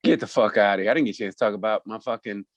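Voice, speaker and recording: A man's voice: on the low side, very fast, no echo, dull audio. Man from oklahoma, podcast co-host, casual profane storytelling, dry close sound. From Oklahoma, USA. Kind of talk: casual chat.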